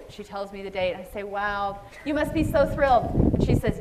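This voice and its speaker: A woman's voice: mid-range voice, moderate pace, few pauses, noisy background. A middle-aged woman preaching a sermon, telling stories and acting out the voices of the people she quotes.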